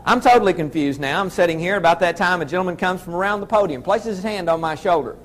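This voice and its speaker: A man's voice: high voice, fast talker. A middle-aged man with a Southern American accent, telling a folksy story as a motivational speaker addressing an audience. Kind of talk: storytelling keynote speech.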